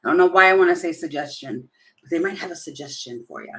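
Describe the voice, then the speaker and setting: A woman's voice: sits low, expressive, fast talker, low-quality recording. A woman giving a casual tarot reading, chatty and giggly, thinking aloud as she turns the cards. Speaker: tarot reader.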